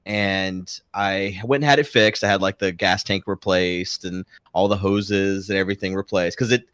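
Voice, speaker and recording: Low-voiced man rambling as podcast guest. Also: fairly even intonation, normal speed, fairly bright tone, clean tone, dry recording, clean studio sound. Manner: rambling, self-correcting, chuckles often. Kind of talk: casual chat.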